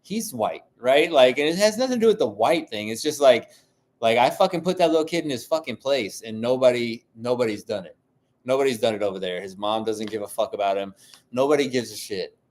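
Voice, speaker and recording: A man of ordinary pitch vents alone on his podcast. He swears constantly and strings his thoughts together with "like" and "you know". His heated rant keeps looping back on itself. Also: lively intonation, fairly quick, darkish tone. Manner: heated, profane ranting with many fillers. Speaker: solo podcast host. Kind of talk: casual monologue.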